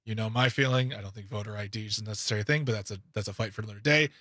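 A man's voice: on the low side, very fast, a bit bright, dry recording. A man hosting a political talk radio show, talking casually with sarcastic asides and frequent stammered restarts into a studio microphone.

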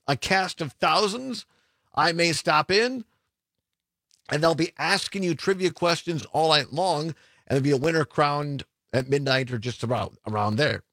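A man hosting a radio talk show in casual, upbeat chat, laughing easily and slowing down for phone numbers. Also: on the high side, fairly bright tone, dry recording.

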